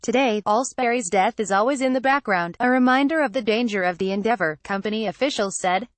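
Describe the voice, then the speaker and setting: A woman reading a news feature in a measured, scripted narration, reading quoted lines in the same even voice. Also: on the high side, no room sound. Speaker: news reader.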